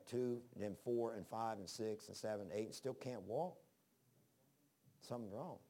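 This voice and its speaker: A man with a fairly low, mellow voice preaches a sermon in a homespun, rambling style. He tells personal stories, often restarts his sentences, and reads scripture in old-fashioned wording.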